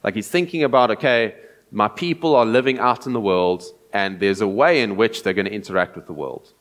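A man preaching an earnest, explanatory sermon, often pausing and restarting as he thinks. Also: on the low side.

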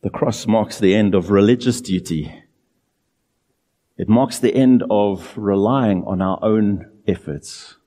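A man's voice: fairly low pitch, mellow. Earnest male preacher in a reverberant hall. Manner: earnest, emphatic preaching with slow, drawn-out phrases. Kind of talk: sermon.

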